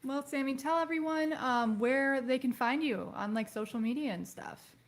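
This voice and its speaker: A woman's voice: high-pitched, normal speed. A woman co-hosting a live stream, making brief friendly remarks. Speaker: co-host. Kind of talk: casual live-stream chat.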